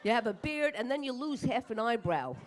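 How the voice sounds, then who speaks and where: A woman's voice: on the high side, lively intonation, a little fast. A woman in her fifties doing a crude, profane stand-up comedy set on a club stage, acting out asides. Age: 50s. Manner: crude, brash, profane punchlines with acted-out asides.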